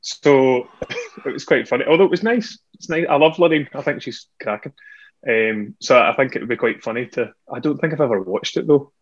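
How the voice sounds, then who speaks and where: A Scottish man talks from home through an earphone on a video call, a singer in casual chat. He is self-deprecating and laughs often, with a mid-range pitch. The call audio sounds dull and lo-fi. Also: fairly quick. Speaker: singer and guest. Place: at home indoors. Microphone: earphone headset on a video call.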